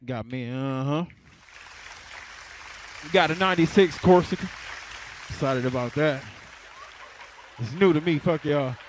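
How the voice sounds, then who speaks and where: A man's voice: on the high side, unhurried, long pauses, a little hiss or hum. A young adult man doing a stand-up comedy set, laid-back, chuckling between jokes and drawing out his punchlines.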